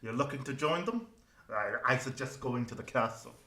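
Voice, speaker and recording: A friendly dwarf station hand gossips heartily, dropping "aye" and "eh" between his words, as a man puts him on. The voice is bright and forceful. It rings in a roomy, echoey space. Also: mid-range voice, animated, normal speed. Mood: gossipy. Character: chatty friendly male dwarf station worker.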